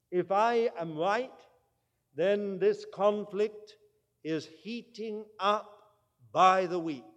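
High-voiced preacher in a reverberant hall. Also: male voice. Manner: earnest, emphatic, swings from loud declarations to quiet asides. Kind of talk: sermon. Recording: long reverb from a large hall.

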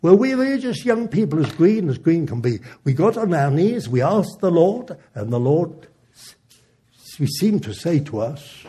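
A man preaching, telling a testimony story in an animated way with frequent chuckles. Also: on the high side, measured pace, husky.

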